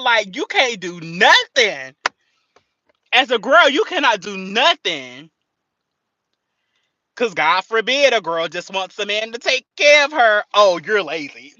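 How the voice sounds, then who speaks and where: This livestream host has a medium-pitched, sharp-toned voice with no room sound, carried over dull lo-fi stream audio. She's playful and slangy with her viewers and laughs a lot as she talks.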